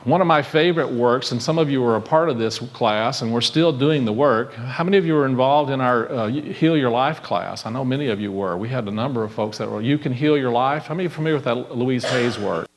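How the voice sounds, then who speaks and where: Man preaching a conversational sermon. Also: mid-range voice. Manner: conversational, asks the congregation questions. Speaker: minister. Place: church sanctuary.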